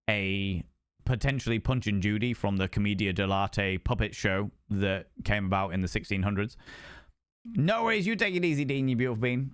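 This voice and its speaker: A man's voice: fairly low pitch, smooth, dry recording, studio quality. A man hosting a casual livestream, greeting viewers with flamboyant, theatrical outbursts and rambling chat. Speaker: livestream host.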